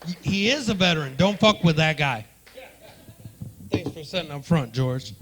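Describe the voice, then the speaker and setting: A man's voice: on the high side, expressive, moderate pace, pauses often, a bit bright, a little hiss or hum. A man doing a stand-up comedy set in a club, working the front row with brash, profane banter into a handheld mic. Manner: brash, profane crowd work.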